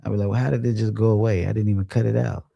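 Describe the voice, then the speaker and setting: A young man hosts a late-night livestream and talks in a relaxed, rambling way. His voice is deep and gravelly, very dark and mellow, and it sounds dry and close with no room echo. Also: rapid-fire, highs cut off. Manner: laid-back, rambling, laughs often. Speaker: livestream host. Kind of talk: casual livestream chat, reading comments.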